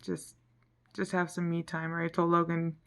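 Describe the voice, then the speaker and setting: A woman's voice: on the low side, monotone, normal speed, clean tone. A woman talking frankly and a little frustrated in a casual vlog, rambling and sometimes dropping almost to a whisper, tired. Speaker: vlogger.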